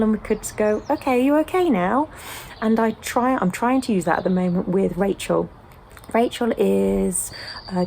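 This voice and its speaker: A young British woman, a home-educating mum, chatting casually and gently with frequent ums. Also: mid-range voice, vocal fry, a little hiss or hum. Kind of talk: sit-down casual chat.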